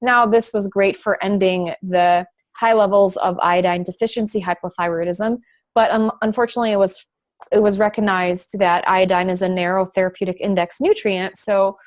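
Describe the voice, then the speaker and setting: At normal speed and medium pitch, a thyroid specialist pharmacist explains things thoughtfully as a podcast guest. She uses frequent fillers and restarts and lets some light sarcasm slip in at times.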